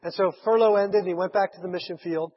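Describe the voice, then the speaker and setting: A man preaches in a long-echoing hall, recorded on dull, lo-fi equipment. His voice sits high and a little husky as he tells a story with frequent chuckles. He slips into the voices of the people he quotes. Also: steady tone, quick pace. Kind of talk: sermon storytelling. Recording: echoey hall, dull lo-fi sound.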